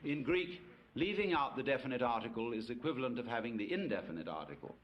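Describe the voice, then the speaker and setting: A man's voice: mid-range voice, lively intonation, fast talker, muffled recording, a little hiss or hum. A man giving a public lecture to an audience, telling stories with wry, playful asides.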